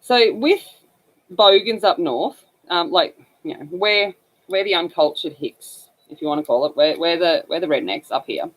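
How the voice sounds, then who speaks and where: A woman's voice: fairly low pitch, normal speed. Scratchy-voiced Australian woman chatting. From northern Australia. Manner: rambling storyteller with many fillers. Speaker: livestream coloring host. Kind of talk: casual chat while coloring.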